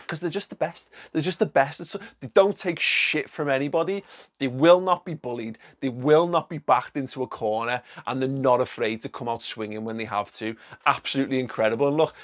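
Animated, laughing male podcast host. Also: medium pitch. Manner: animated, laughing, sweary, lots of fillers. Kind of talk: casual commentary monologue.

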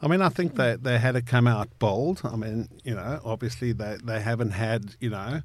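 A man, a podcast guest, talking haltingly, with repeated words and many fillers. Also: mid-range voice. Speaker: guest, agency CEO. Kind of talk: casual interview chat.

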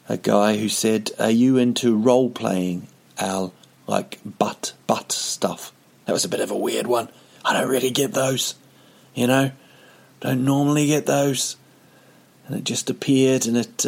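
A man's voice: mid-range voice, fairly even intonation, moderate pace, creaky, long pauses, darkish tone. A man, a comedian hosting a podcast, telling a rambling comic story with self-mocking jokey asides. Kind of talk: casual comedic monologue.

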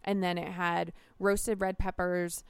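Casting: young woman podcast co-host, gravelly yet smooth voice, chatty, dry studio sound. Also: on the low side, flat delivery, a little slow, no room sound. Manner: chatty, trailing restarts. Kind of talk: casual chat.

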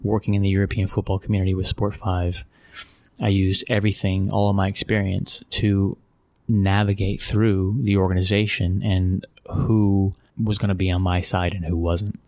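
Gravelly middle-aged American man, casual. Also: deep voice, little pitch movement, moderate pace, a little mellow, no echo. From Texas, USA. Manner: conversational, repeats phrases, chuckles often. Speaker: guest, sports executive. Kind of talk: relaxed interview storytelling.

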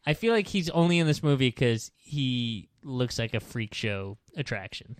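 A man in his thirties co-hosting a movie podcast, skeptical and wry, with quick asides. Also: mid-range voice, sing-song, dry recording, studio quality. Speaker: podcast co-host. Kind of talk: casual chat about movies.

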